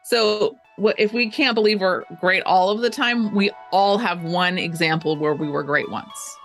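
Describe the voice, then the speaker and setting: A woman's voice: mid-range voice, normal speed, a bit bright, soft background music. A woman coach co-hosting a podcast in casual chat, upbeat and encouraging, speaking from her desk. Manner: upbeat, encouraging, fillers like "you know". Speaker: life coach, podcast co-host.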